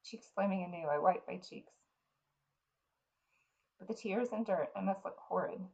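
Gravelly low-voiced woman reading a novel. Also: moderate pace, a little mellow, dull audio. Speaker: reader. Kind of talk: reading a fantasy novel aloud.

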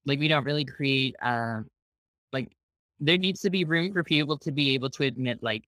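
A man who is a podcast guest, speaking in a reflective, deliberate way in casual conversation. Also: medium pitch, pushed and bright, no room sound. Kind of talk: conversational interview.

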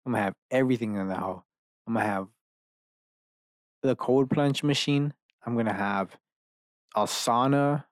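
A man's voice: mid-range voice, moderate pace, pauses often, no echo, studio quality. Rambling, profane man ranting solo. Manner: meandering, profane, self-mocking. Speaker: podcast host. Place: his bedroom.

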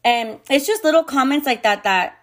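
A woman's voice: high voice, expressive, normal speed, a bit bright. A woman hosting a podcast and talking candidly and bluntly, with heavy swearing, lots of fillers and Spanish phrases mixed in. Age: adult mother. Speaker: podcast host. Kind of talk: candid casual monologue.

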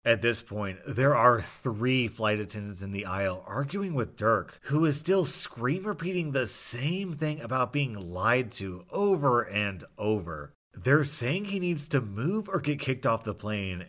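A man narrates a forum story in a wry, storytelling way. His voice sits at an ordinary pitch for a man but moves a lot, rising and falling through the telling. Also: a bit bright. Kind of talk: reading a forum story aloud.

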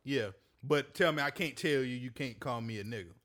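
A man co-hosting a casual, profane chat, animated and quick to cut in. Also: mid-range voice. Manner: animated, profane, interrupts often.

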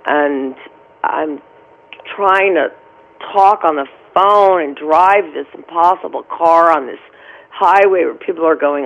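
A middle-aged woman who is an actress, being interviewed and telling an animated story about her early career. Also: deep voice, gravelly, highs cut off. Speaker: actress guest.

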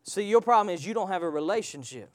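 High-voiced preacher man in an impassioned sermon. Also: expressive, quick pace, dry recording. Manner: impassioned, swings from loud to hushed, asks the congregation questions. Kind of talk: live sermon with call-and-response.

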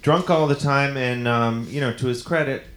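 A man telling an improvised comic story in a halting, deadpan way, full of fillers and restarts. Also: medium pitch, reverberant, a little hiss or hum. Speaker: improv guest in character.

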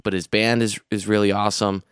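Rambling low-voiced man, smooth and dry. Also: level tone, brisk, a bit bright, dry recording. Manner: rambling, many restarts and fillers, enthusiastic. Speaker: podcast co-host recounting a festival trip. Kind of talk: casual chat.

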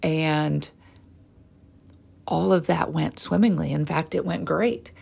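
A woman in her forties with a strongly gravelly, husky voice that sits a little low. She talks candidly and conversationally about her own experience as a trainer, tossing in little asides to the listener. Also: slow, a little mellow. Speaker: hormone specialist and trainer. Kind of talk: personal story talk.

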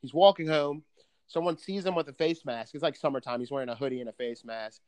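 Guy telling a story all fired up, swears a lot, mid pitch, dry close sound. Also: quick pace, clear, resonant tone, no echo. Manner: animated, swears freely, restarts sentences. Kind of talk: casual chat, storytelling.

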